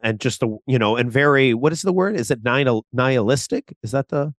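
Man, mid-pitch podcast co-host, animated, casual. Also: brisk, dry recording, studio quality. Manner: animated, acts out quotes, laughs. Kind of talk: casual chat about a TV show.

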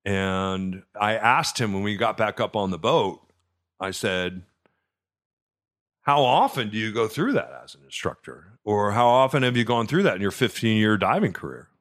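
A middle-aged man hosting a podcast, telling a personal story in a chatty way, stumbling over repeated words and dropping soft and low at the tender parts. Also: lively intonation, normal speed. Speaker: podcast host. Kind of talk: casual storytelling.

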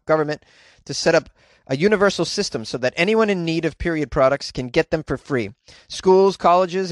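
A man's voice: fairly high pitch, no echo, studio quality. A man hosting a podcast, reading news stories aloud and riffing on them with sarcastic, rambling asides and casual swearing. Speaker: podcast host.

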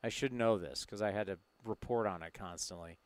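A man's voice: lowish voice, brisk, clear, resonant tone, no room sound. A man hosting a sports talk show, joking and asking a lot of questions.

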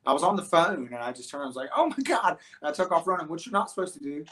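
A man's voice: on the high side, racing. A man who plays in a band, guest on an interview show, telling stories casually with many restarts and fillers. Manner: rambling, animated storyteller with many restarts and fillers. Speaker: guest musician.

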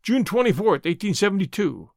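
A man voicing a cool, cocky young outlaw who answers calmly, quickly and slyly in an audiobook. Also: sits high, creaky, no echo, clean studio sound, pitched above the performer's own voice, exaggerated voice. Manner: calm, quick, sly answers.

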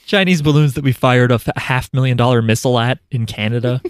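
A man's voice: mid-range voice, fairly even intonation, moderate pace, smooth, no echo, studio quality. Joking, rambling man recapping a show. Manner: rambling, joking, laughs often. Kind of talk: casual chat recapping a show.

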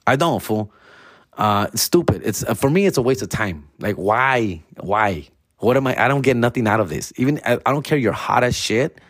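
A man's voice: on the low side, no room sound, studio quality. A man telling stories in a casual monologue, full of swearing and street slang. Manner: profane slangy banter. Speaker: storyteller host.

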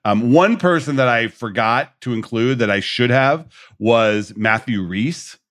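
A man's voice: mid-range voice, unhurried. A man hosting a podcast, chatting casually and ranting with playful mock outrage. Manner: animated, rants with mock outrage and acted quotes. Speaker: podcast host. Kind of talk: casual chat.

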